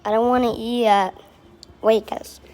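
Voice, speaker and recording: A woman narrating a playful toy role-play, excitable and exclaiming. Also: fairly high pitch. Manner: excitable, exclaiming, drawn-out words. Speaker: video maker playing with toys.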